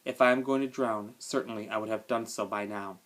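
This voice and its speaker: A man's voice: on the low side, fairly even intonation, brisk, a bit bright, lightly acted. A man voicing a vain, proud male china toy rabbit, speaking his inner thoughts with haughty aloofness in a storybook reading. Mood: indignant.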